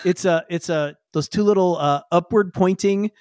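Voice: mid-range voice, moderate pace, darkish tone, no echo, clean studio sound. A game master narrating a tabletop game in a chatty way, explaining with many fillers.

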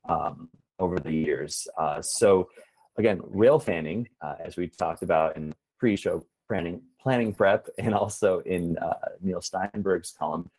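A man answering interview questions in an earnest, measured way, explaining his hobby with frequent ums and uhs. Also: low-pitched, a little mellow, poor audio. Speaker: guest, preservationist and rail fan.

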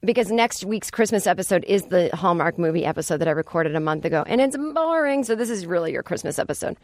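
A woman's voice: on the low side, expressive, fast, a little mellow, no room sound. A woman hosting a comedy podcast, chatting in a rambling, self-deprecating monologue full of fillers, recorded in a podcast studio. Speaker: podcast host.

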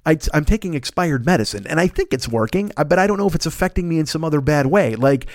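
A man's voice: a little high, fast talker, no room sound, clean studio sound. Crude rambling man in his fifties. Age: 50s. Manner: rambling, crude and animated, jumps into mocking voices. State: recovering from a cold, phlegmy. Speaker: podcast host. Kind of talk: profane comic monologue.

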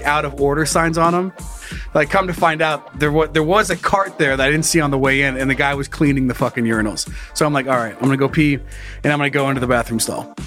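A man's voice: a little high, a bit bright. A man in casual chat, telling a story with lots of swearing and laughter.

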